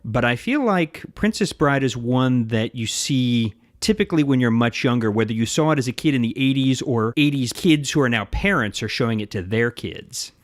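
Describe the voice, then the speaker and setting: A man in casual podcast chat at a middle pitch, with a dry, close sound. He explains things at length, full of asides and little digressions. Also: lively intonation, moderate pace, few pauses, dry recording. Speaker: podcast co-host.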